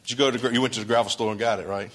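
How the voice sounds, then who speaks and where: A man's voice: medium pitch, fairly even intonation, racing, fairly bright tone. A male pastor preaching a sermon in a conversational way, asking his congregation questions and acting out quoted dialogue.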